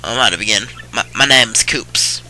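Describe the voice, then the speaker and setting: A man's voice: lowish voice, moderate pace, pushed and bright, slight background noise, poor audio. A man voicing a shy, nervous young male turtle from a video game, stammering and apologizing over game music. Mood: timid.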